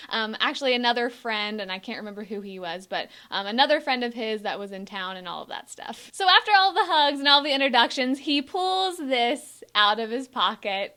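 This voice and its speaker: Bubbly high bright-voiced young woman. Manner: bubbly, chatty, many fillers, acts out quotes. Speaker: vlogger. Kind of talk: storytime chat.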